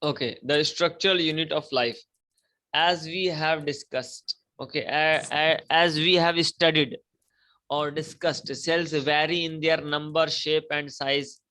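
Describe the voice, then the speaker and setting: A man's voice: a little high, fairly even intonation, measured pace, bright, forceful tone, low-quality recording. A male teacher, giving a classroom lecture, repeating key points and asking students to repeat after him. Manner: repetitive, emphatic, prompts students to repeat.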